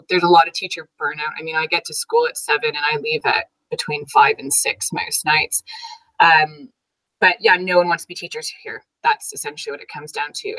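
A woman's voice: lowish voice, sharp tone, rough recording. A young adult woman from Canada, a teacher giving an interview in a chatty way, with frequent fillers and laughs. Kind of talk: casual conversational interview.

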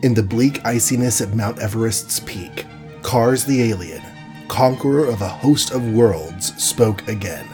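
A man narrating a children's adventure audiobook in a steady, measured reading voice. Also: on the low side, soft background music. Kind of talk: scripted storybook narration.

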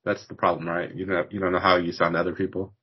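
Low, level and husky, this Washington podcast host's voice moves at a quick pace, with the highs cut off in the recording. He chats casually in an interview setting, rambling somewhat and filling gaps with lots of fillers.

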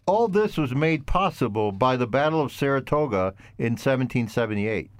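A man's voice: medium pitch, animated, normal speed, dry recording. Chatty rambling man. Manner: rambling, chatty, full of fillers. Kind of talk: casual chat.

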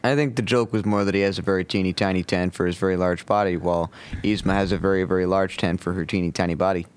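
A man's voice: deep voice, steady tone, fast talker, clean tone. A man co-hosting a casual podcast chat, explaining things in a dry, matter-of-fact way. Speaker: podcast co-host.

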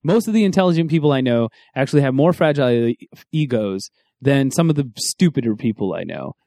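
Male co-host, casual chat; rambling, animated delivery, dry studio sound. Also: mid-range voice, a little fast, dry recording. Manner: rambling, animated storytelling with self-corrections. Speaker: podcast co-host.

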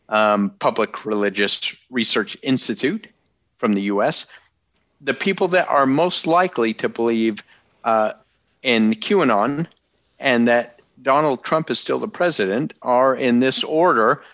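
A man co-hosting a casual podcast, with a voice of ordinary middle pitch. He reads news items haltingly, restarting words and apologizing when he loses his place. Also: fairly bright tone, highs cut off. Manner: hesitant, stumbles and apologizes while reading news items. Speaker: podcast co-host.

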